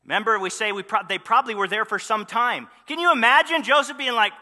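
A man with a high, sharply bright voice preaches a sermon, animated and full of rhetorical questions. His voice rings out with a long reverb, as if heard in a large hall. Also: fast. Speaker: pastor.

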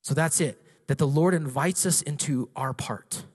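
A man pastor preaching a sermon to his congregation, swelling into loud, passionate declarations and then easing into storytelling. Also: on the high side, a little slow, breathy edge, long reverb tail. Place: church sanctuary.

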